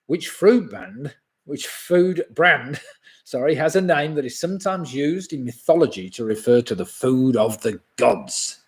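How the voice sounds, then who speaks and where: A man's voice: mid-range voice, expressive, unhurried. A man in his sixties hosting a live online pub quiz. He reads each question twice and chuckles at his own jokes. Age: 60s.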